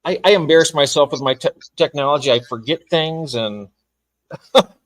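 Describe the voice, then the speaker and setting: A man's voice: on the high side, moderate pace, rough recording. Laid back guy chatting as a stream guest, rambles a bit, pokes fun at himself. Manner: easygoing, rambling, self-deprecating. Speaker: livestream guest. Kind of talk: casual livestream chat.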